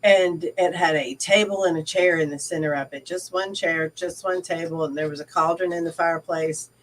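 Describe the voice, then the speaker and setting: A middle-aged woman co-hosting a casual online discussion, telling stories in a chatty, animated way. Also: fairly low pitch, normal speed, slight background noise. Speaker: co-host. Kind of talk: casual discussion on a video call. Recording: distant from the mic.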